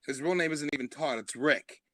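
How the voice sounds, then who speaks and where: Male stand-up, lively storyteller, slightly high voice, dry close sound. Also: fairly quick, no room sound. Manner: animated, laughs through his punchlines. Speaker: stand-up comedian guest. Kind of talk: comic storytelling on a live stream.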